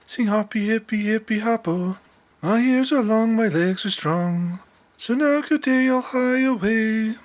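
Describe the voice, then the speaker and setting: A man voicing a gentle, cheerful male rabbit who talks in a coaxing, chirpy way. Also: high voice, slightly rough, heavily acted. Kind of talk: storybook character voice.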